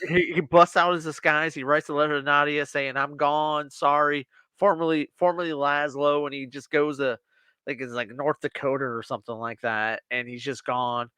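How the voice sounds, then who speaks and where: Bright-voiced man retelling TV scenes. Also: medium pitch, fairly quick, clear, resonant tone, no echo. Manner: animated retelling, acting out scenes. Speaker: podcast co-host. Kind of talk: casual chat.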